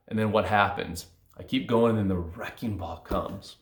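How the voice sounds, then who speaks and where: Man, low voice, earnest motivational talk, conversational, echoey room. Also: normal speed. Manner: earnest, conversational, with frequent restarts. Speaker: motivational speaker. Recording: roomy echo.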